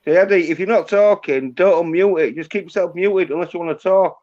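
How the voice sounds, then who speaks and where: A man's voice: high voice, fairly quick, a little mellow. A man chatting casually on a livestream call, blunt and swearing. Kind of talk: casual chat. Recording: dull lo-fi call audio.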